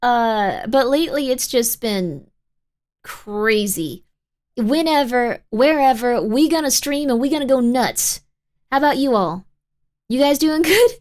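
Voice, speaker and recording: A young woman with a slightly high voice talks casually to her stream from a home setup. She rambles in a bubbly way, leaning on "like" and little fillers as she answers chat and thanks viewers. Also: expressive, a little slow, darkish tone. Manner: bubbly and rambling, filler-heavy with frequent 'like'. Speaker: livestream host.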